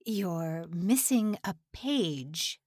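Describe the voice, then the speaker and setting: A woman's voice: fairly low pitch, animated, very slow, darkish tone, no echo, clean studio sound, full character voice. A woman reading an audiobook and voicing a cruel, sneering male prison camp officer who snarls and mocks. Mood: gloating. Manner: snarling, mocking, contemptuous. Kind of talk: audiobook narration.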